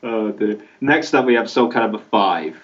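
A man's voice: fairly low pitch, lively intonation, normal speed, dull audio, slight background noise. A man co-hosting a casual gaming podcast, correcting himself and laughing at his slips. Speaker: podcast co-host, editor.

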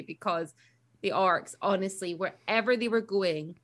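A woman's voice: medium pitch, a little slow, a bit bright. A young woman co-hosting a podcast, chatting eagerly in a casual way. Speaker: podcast co-host. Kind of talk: casual chat.

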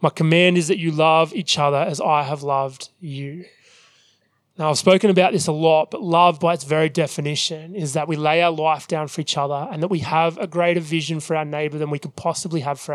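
A man preaching a sermon as pastor, earnest and measured, often pausing on "um". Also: fairly high pitch, no echo, clean studio sound.

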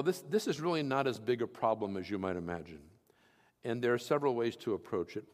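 Pastor preaching in an echoing hall. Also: male voice, mid-range voice. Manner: earnest teaching tone with scripture readings and everyday examples. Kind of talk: sermon.

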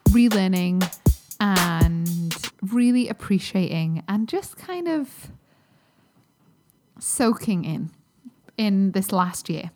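A chatty woman talks through her solo health podcast. She sounds upbeat and casual, with plenty of ums and likes. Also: medium pitch. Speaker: podcast host and health coach.

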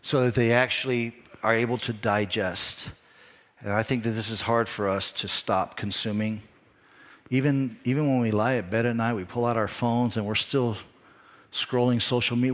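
A man preaching a sermon as a pastor, in a lively, conversational way with self-deprecating asides. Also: mid-range voice, normal speed, long reverb tail.

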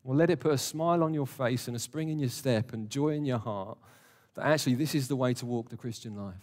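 Earnest preacher in a reverberant hall. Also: male voice, mid-range voice, brisk, darkish tone. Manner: conversational, earnest, asks the congregation questions. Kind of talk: sermon. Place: church hall.

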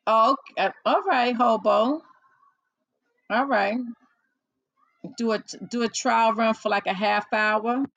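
A woman hosts a podcast and chats casually with a caller, unhurried and a little gravelly. She is self-deprecating, laughs often and sounds nervous. The sound is close and dry. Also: fairly high pitch, fairly bright tone, dry recording, muffled recording. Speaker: podcast host.

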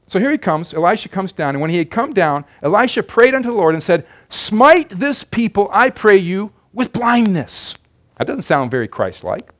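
Brief: male pastor, high voice, emphatic sermon with hushed asides. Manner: emphatic preaching, swings between loud declarations and quiet asides.

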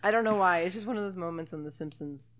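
A woman's voice: lowish voice, fast talker. A woman co-hosting a podcast, chatting casually over a movie, laughing often and swearing freely. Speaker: podcast co-host. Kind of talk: casual movie commentary chat.

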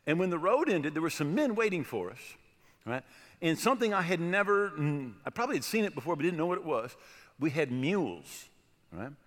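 A middle-aged American man preaching, telling a personal story in an animated way and often checking in with "right?". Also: a little high, fairly quick. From United States. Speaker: pastor. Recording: long hall reverb.

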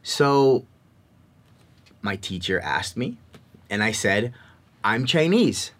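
A man telling a personal story in a talk, in an expressive, animated way. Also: fairly low pitch, takes it slowly. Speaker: speaker.

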